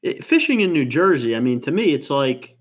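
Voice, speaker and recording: A man co-hosting a fishing podcast in casual chat, telling rambling, animated stories. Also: mid-range voice, brisk, lo-fi sound. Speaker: podcast co-host.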